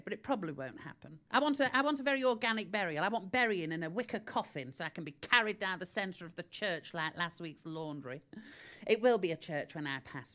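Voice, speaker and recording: A woman, hosting a live-streamed comedy advice show in a camp, deadpan, self-aggrandising way. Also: fairly low pitch. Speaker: comedy host. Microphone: live-stream camera mic.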